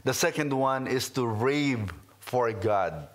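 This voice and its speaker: A pastor with a first language other than English, preaching a sermon in a slow, earnest, reflective way with many pauses. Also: male voice, mid-range voice, lively intonation. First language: not English. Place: in his car.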